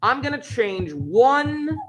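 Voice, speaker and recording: A middle-aged male math teacher recording a lesson, talking students through each step in a playful, animated way. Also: very high-pitched, slow, faint music behind.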